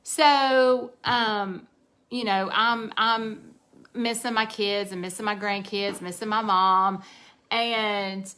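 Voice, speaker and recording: A woman, telling family stories in a chatty, animated way. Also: mid-range voice, slow pace. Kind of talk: casual family storytelling.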